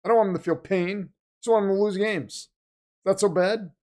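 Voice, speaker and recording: A man's voice: high-pitched, fairly quick, a little mellow. A man hosting a casual live-stream watch party, reading the chat and joking sarcastically that he is the villain. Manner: chatty, sarcastic, jokingly self-styled villain.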